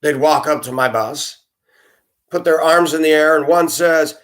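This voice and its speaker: This middle-aged man used to drive a school bus, and he shares a personal story in an unhurried, fairly bright voice with a fairly high pitch. Chatting conversationally, he addresses his listeners directly and acts out the dialogue as he tells it.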